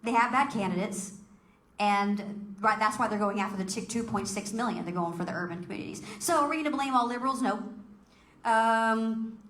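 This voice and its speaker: A woman's voice: a little high, normal speed, fairly bright tone, a little hiss or hum. A woman giving a fiery political speech to a local group, firing off emphatic rhetorical questions. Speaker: political speaker. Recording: echoey room.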